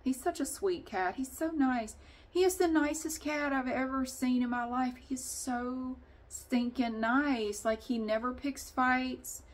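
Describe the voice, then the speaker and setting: A woman's voice: sits high, unhurried. A woman vlogger chatting casually and rambling, often laughing as she talks. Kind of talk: casual vlog chat.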